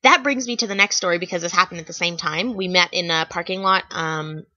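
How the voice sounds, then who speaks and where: A woman's voice: fairly low pitch, brisk, pushed and bright, dry recording, muffled recording. A young woman telling funny stories to camera in a chatty vlog, with lots of fillers and restarts. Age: young adult. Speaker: vlogger. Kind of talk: casual storytelling to camera.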